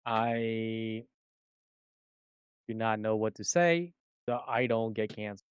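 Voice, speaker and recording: A man co-hosts a casual reaction stream with measured, wry remarks. He speaks slowly and deliberately in a smooth, resonant voice. The sound is dry and close. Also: fairly low pitch, no room sound, dull audio. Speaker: VTuber co-host.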